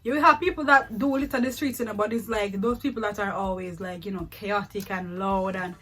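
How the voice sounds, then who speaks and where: A woman's voice: mid-range voice, steady tone, fairly quick, a bit bright, soft background music. A young woman with a Jamaican accent, talking casually in a vlog, repeating words for emphasis and slipping into patois. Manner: chatty, repeats words for emphasis, laughs often, slips into patois. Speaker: vlogger. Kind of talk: casual vlog comparing countries.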